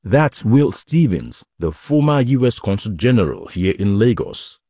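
A male reporter giving scripted news narration in a calm, clear storytelling manner. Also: on the low side, unhurried, dry recording, studio quality.

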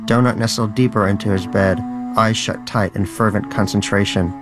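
A man's voice: on the low side, steady tone, normal speed. A man narrating an audiobook story in a dry, wry manner. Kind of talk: scripted narration. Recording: faint background music.

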